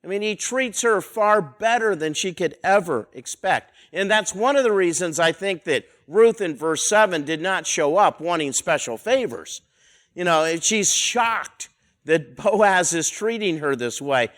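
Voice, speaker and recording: A man with a slightly raised pitch leads a verse-by-verse Bible study. He talks conversationally, asking his listeners rhetorical questions and coming back to the same phrases again and again. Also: lively intonation, a little slow, fairly bright tone. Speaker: Bible teacher.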